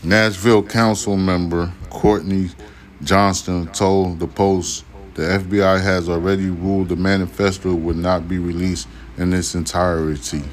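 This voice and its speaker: Male podcast host, very low voice, reads articles aloud and rants with lots of swearing. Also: flat delivery, unhurried, slight background noise. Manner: profane, irritated ranting between read passages. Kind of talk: reading news aloud with angry commentary.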